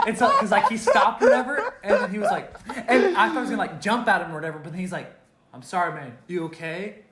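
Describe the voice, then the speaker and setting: A podcast co-host in casual chat, animated and laughing often, acting out quoted lines in mock voices. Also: medium pitch, a little fast, a little hiss or hum. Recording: echoey room.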